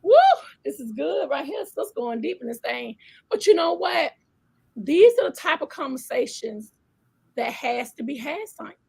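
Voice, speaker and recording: A fervent woman guest preaches with feeling on a faith talk show. Her voice is high, with a gravelly fry at the bottom. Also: big pitch swings, normal speed, darkish tone. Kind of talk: faith-based conversation.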